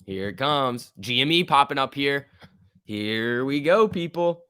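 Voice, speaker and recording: A young man hosting a casual stock-market livestream, talking excitedly, laughing often and reading chat messages aloud. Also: medium pitch, a little slow, smooth, no echo, clean studio sound. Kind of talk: casual live-stream chat.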